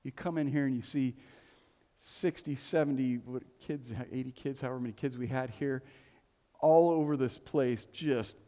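Man, pastor preaching, mellow dark tone, joking asides, long church-hall reverb. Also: medium pitch, moderate pace. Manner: conversational and joking, with playful asides. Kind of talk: sermon. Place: church sanctuary.

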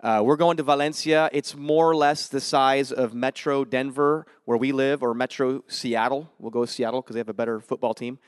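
Man, missionary speaker, church testimony, lively storyteller, dry close sound. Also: mid-range voice, clean tone, no echo. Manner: lively, quick storyteller acting out dialogue. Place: church service.

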